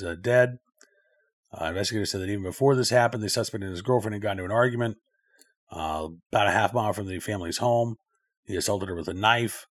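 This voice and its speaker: A man hosting a news commentary show, talking things through in a loose, conversational way with frequent filler pauses. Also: medium pitch.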